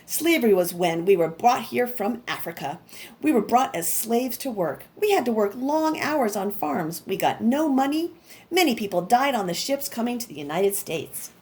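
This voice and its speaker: A woman voicing a kind, steady old woman who guides children as a train conductor, speaking calmly and instructively. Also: on the high side.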